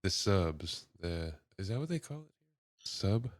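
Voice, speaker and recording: A man co-hosting a podcast in a relaxed casual chat, laughing often. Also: deep voice, a little slow, dry recording, clean studio sound. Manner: laid-back, laughs often. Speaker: podcast co-host.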